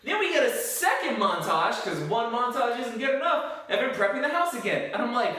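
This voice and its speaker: A man with a high, bright voice gives a blunt, profane movie review, rambling and full of fillers. He sounds far from the mic in a very echoey room. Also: big pitch swings, fairly quick, few pauses. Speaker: film reviewer. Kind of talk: casual spoken movie review.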